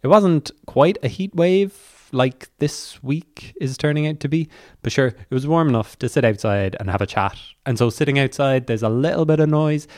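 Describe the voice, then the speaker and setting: A man's voice: medium pitch, moderate pace, darkish tone, no echo, studio quality. A man with an Irish accent hosting a music podcast, talking through the show's lineup with rambling, self-deprecating asides. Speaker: podcast host. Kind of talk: chatty solo podcast intro.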